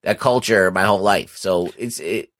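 A man co-hosting a casual podcast chat, relaxed and drawn out, trailing off quietly. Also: sits low, normal speed. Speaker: podcast co-host.

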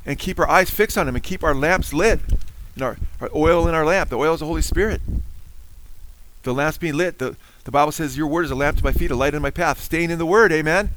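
A man's voice: on the high side, a bit bright, poor audio. A pastor preaching a sermon. He reads scripture aloud, explains it and keeps asking the congregation for an amen. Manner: preaching with frequent call-outs for amen.

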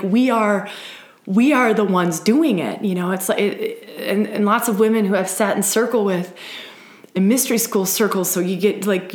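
A woman's voice: medium pitch, roomy sound. A woman leading an online women's circle, talking in an earnest, emphatic way with frequent "right?" asides and restarts. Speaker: circle leader. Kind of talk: live-streamed spiritual talk.

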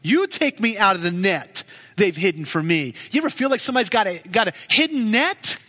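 A man's voice: big pitch swings, fairly quick, bright, forceful tone, long reverb tail. A man preaching a sermon, reading scripture and commenting with emotional, pleading passages. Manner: emotive preaching, rising to urgent pleas then dropping low. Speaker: pastor.

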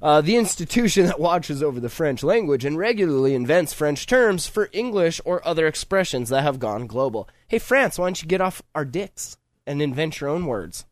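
A man's voice: a little high, normal speed, dry recording. A man hosting a podcast, talking in crude, casual banter and often dropping into mock voices. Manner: animated, profane, slips into mock voices. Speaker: podcast host.

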